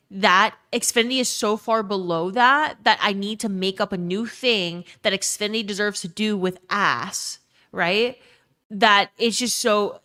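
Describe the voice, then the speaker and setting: A woman's voice: mid-range voice, bright, forceful tone. A young woman streamer in casual chat, ranting with plenty of swearing and reading chat messages aloud. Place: her own emptied bedroom.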